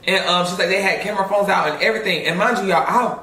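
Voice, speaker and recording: A man's voice: sits high, fast talker, sharp tone. A man telling a story with lots of animation and laughter, swearing and mimicking other people. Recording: echoey room, mic far off.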